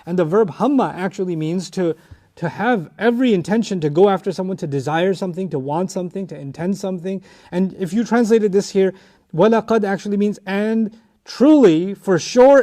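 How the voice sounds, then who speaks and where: A man's voice: high voice, fast, warm tone. A man giving a lecture on Quran commentary, explaining Arabic words step by step, repeating key phrases and reciting verses. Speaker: Quran teacher.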